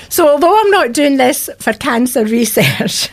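A woman's voice: on the high side, very animated, unhurried. A woman in her sixties, a radio guest telling a personal faith story in an earnest, heartfelt way, her voice sometimes cracking. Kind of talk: radio interview, personal testimony.

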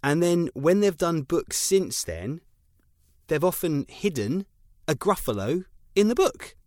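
A man's voice: a little high, very animated, measured pace, darkish tone. A British man co-hosting a dads' podcast, explaining things in an enthusiastic, casual way. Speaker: podcast co-host. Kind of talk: casual chat.

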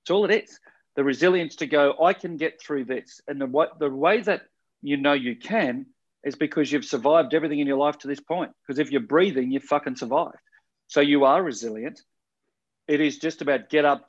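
A man's voice: medium pitch, highs cut off. A man talking earnestly in a casual podcast chat, rambling with restarts and casual swearing.

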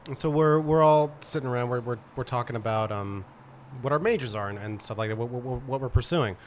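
A young American man tells an awkward story about himself in a relaxed chat. He stops and restarts often, and his tone pokes fun at himself. His pitch sits in a middle range for a man. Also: a little hiss or hum. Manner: halting, many fillers and restarts, self-mocking. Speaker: podcast co-host.

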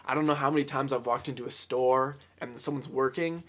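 A man's voice: mid-range voice, steady tone, brisk, a bit bright. Young male co-host, earnest and advice-giving, casual. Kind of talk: casual chat.

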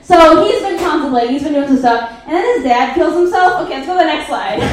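High-pitched woman doing a snarky stand-up slideshow bit, very echoey live room. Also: heavy background noise. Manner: sarcastic, profane, laughing asides. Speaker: comedian presenting slides. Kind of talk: live stand-up movie recap. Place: live comedy venue.

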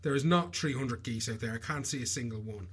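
Man doing a fed up husband, blunt, husky low-key voice. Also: brisk, natural voice. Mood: exasperated. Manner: exasperated, blunt. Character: gruff busy craftsman husband, exasperated.

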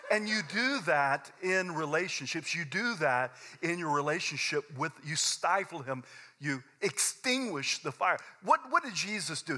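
Intense, bright-voiced male preacher. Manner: intense, swings from loud fervent highs to low quiet asides; repetitive, conversational preaching with stammered restarts. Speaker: pastor. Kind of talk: sermon.

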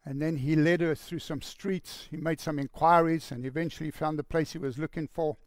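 A man telling a story in a sermon with a gravelly voice, earnest, and dropping to a hushed voice for the quoted lines. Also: a little high, steady tone, moderate pace, no room sound, clean studio sound. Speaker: preacher.

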